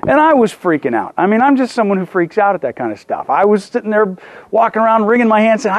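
A man's voice: sits high, animated, fast, no room sound. A man preaching a sermon, telling a personal story with self-deprecating humor and frequent restarts. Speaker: pastor.

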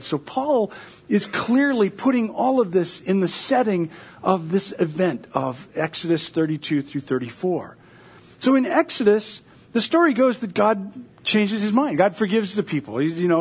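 A man's voice: high-pitched, slightly rough. A male pastor giving a casual, conversational sermon, retelling scripture as a story with fillers and playful asides.

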